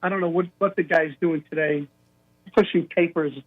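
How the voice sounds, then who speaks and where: An older man telling an animated story as a caller to a radio show, acting out the quotes. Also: fairly high pitch, moderate pace. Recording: tinny phone line.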